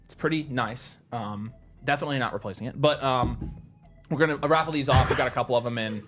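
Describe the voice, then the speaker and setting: A man's voice: mid-range voice, fast, fairly bright tone, soft background music. A man hosting a casual live stream, reading the chat aloud and plugging a giveaway in an upbeat, filler-heavy way.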